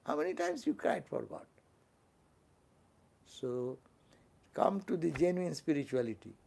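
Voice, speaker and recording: Fervent older monk, gravelly voice. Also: male voice, fairly high pitch, wildly swooping pitch, a little mellow, a little hiss or hum. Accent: Indian English. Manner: fervent, asks the listeners questions, quick tag-questions. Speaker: monk giving a spiritual talk. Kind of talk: sermon.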